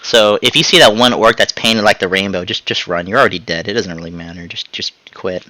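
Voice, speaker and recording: This man hosts a podcast, chatting casually and telling jokey, animated stories complete with sound effects. His voice is fairly low and brisk, with no room sound, though the audio is poor.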